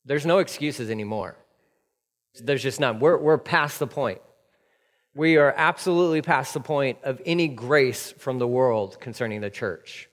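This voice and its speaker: A man delivers a sermon in a frank, chatty storytelling manner. His voice sits a little higher than most men's. Long reverb of a church hall trails behind each phrase. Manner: candid and conversational, storytelling with asides. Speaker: pastor.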